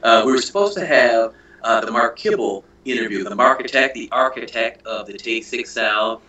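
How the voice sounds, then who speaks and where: Bright-voiced man calling in by phone. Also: mid-range voice, normal speed. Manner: upbeat, joking, chatty. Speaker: host. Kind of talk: casual chat. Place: abroad on tour, calling in. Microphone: phone call over Skype. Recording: echoey distant phone-call audio.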